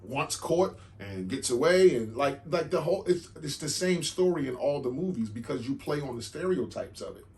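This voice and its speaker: A man's voice: on the high side, expressive, normal speed, few pauses, a little mellow. A man hosting a podcast in casual chat, conversational and given to emphatic outbursts. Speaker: podcast host.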